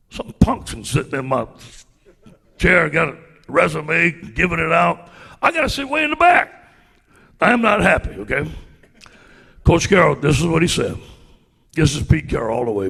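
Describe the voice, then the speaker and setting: A middle-aged man with a Cajun accent from Louisiana, a football coach telling folksy, animated anecdotes to a club audience. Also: fairly high pitch, vocal fry, slightly rough, big-room sound. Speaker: guest speaker, football coach. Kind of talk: storytelling speech to a club audience.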